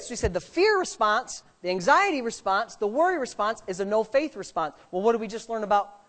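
An animated preacher whose pitch leaps and dips through the sermon. The delivery drops to quiet, quick asides, then swells into loud, slowed-down emphasis. Rhetorical questions keep coming at the congregation, with a light joke now and then. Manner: jokes lightly with the listeners.

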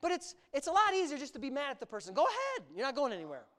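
A preacher delivers a sermon with a very lively, swooping pitch that rises and falls all the time. The delivery is emphatic and animated, drawing out key words and slipping in sarcastic asides. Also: very fast.

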